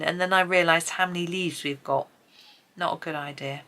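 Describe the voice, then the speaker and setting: A British woman chatting softly as she talks through her colouring, sometimes trailing off into murmured asides. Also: on the low side, normal speed, low-quality recording. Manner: chatty, soft-spoken, drifts into murmured asides. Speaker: colouring video creator. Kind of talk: casual narration while colouring.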